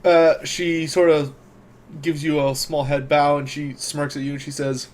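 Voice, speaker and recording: Slightly high-voiced man game master. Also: little pitch movement, unhurried. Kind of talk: narrating a tabletop game.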